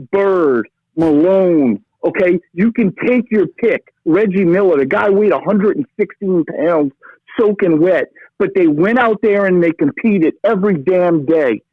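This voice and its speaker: A worked-up man rants about his team over a thin, phone-like line. His voice sits a bit high and dry, and he punches his points with "okay?" and "brother.". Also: lively intonation, measured pace, dry recording. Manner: fired-up, ranting, peppers lines with "okay?" and "brother". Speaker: caller. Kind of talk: phone-in sports rant.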